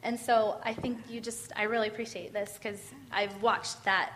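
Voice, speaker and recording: A woman's voice: medium pitch, little pitch movement, normal speed, a bit bright, slight background noise. A woman sharing a personal story with a church group in an earnest, heartfelt way. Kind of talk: casual testimony in a church group discussion.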